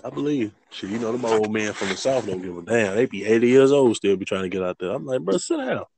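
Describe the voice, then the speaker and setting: A man's voice: lowish voice, fast, a little mellow, slight background noise. A man co-hosting a podcast, chatting in a laid-back, agreeable, profane way. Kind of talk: casual chat.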